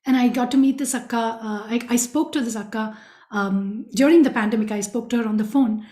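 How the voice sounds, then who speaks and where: Woman telling devotional stories, kinda high voice but mellow, earnest, talks right to the audience, roomy echo. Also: a little fast. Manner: earnest, addresses listeners directly. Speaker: devotional speaker. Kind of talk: storytelling talk. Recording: echoey room.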